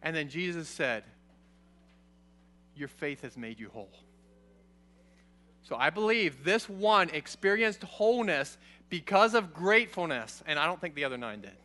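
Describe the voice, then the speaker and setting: A man giving an informal Bible lesson, reading a passage and explaining it in a conversational, animated way, often checking in with the listeners. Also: a little high, normal speed, pauses often. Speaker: preacher.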